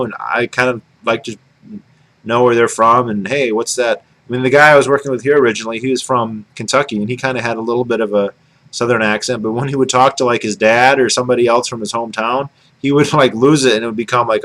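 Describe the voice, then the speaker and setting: In a rambling, low-quality vlog, a man from Michigan muses to his camera with a Michigan accent, his mid-range voice a bit bright. He's a video blogger talking casually, full of fillers and self-corrections.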